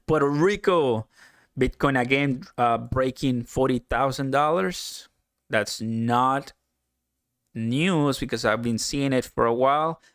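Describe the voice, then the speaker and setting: Chatty excitable man on a dry mic. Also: mid-range voice, clean tone, no room sound. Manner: chatty, excitable, laughs often, reads viewer comments aloud. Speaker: live stream host. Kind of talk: casual live stream chat.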